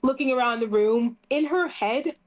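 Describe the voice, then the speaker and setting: Giggly woman player, fairly high voice. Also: moderate pace. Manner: giggly, full of "like" fillers. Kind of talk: describing her character's actions in a tabletop game.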